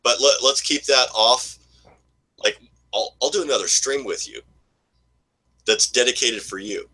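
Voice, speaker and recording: A man hosting a casual livestream chat, talking haltingly and repeating words in an easygoing way. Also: mid-range voice, sharp tone, breathy edge, rough recording. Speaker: livestream host.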